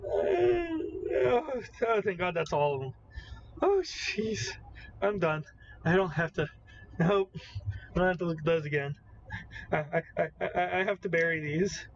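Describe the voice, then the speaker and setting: This is a man co-hosting a casual podcast, quick to get worked up and fond of long explanations. His voice sits high and leaps around. The audio is dull and lo-fi with a faint hiss underneath. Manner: excitable, swears freely, explains at length. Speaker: podcast co-host. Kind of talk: casual chat.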